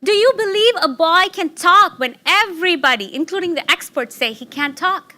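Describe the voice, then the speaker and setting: A middle-aged woman giving a personal storytelling talk, animated and laughing, acting out excited quotes. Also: very high-pitched, normal speed. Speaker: speaker giving a public talk.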